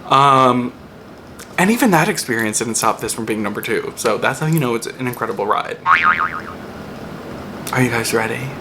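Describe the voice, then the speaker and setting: Young male vlogger, excitable and foul-mouthed, mid pitch, audible background noise. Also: a little fast. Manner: animated and profane, with sudden loud high outbursts. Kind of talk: casual rant-style review.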